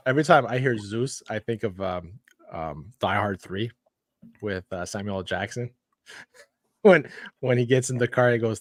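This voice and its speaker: A man's voice: fairly low pitch, moderate pace, long pauses, no room sound, clean studio sound. A man hosting a casual podcast chat, joking around, laughing often and reading out viewer comments. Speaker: podcast host.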